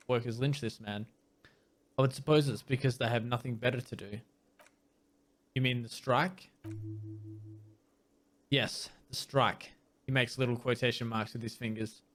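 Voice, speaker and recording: Man reading game dialogue aloud. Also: medium pitch. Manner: reads text plainly, mixed with wry asides; trips over hard words and restarts. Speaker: let's play host.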